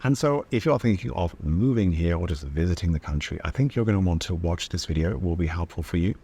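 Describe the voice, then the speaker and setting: A man with a British accent carrying a slight German twang, giving scripted narration in a deep, radio-like voice with a calm, direct delivery. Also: fast, slightly rough. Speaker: video narrator.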